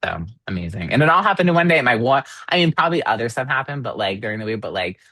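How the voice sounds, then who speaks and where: A man co-hosting a chatty podcast, animated and loose with swearing, often leaping high in pitch when he gets exasperated. The sound is dry and close, with no room around it. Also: fast, no room sound. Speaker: podcast co-host. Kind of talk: casual chat.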